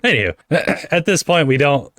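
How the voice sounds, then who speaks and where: A man's voice: on the high side, sing-song, moderate pace, fairly bright tone, dry recording, clean studio sound. A young man co-hosting a casual podcast recap, laid-back and laughing often as he acts out lines. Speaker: podcast co-host.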